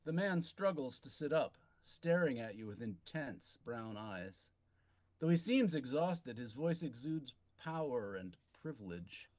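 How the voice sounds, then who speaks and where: Slow-spoken man running a tabletop game. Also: mid-range voice, very animated, darkish tone. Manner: descriptive, slow, some restarts. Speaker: game master.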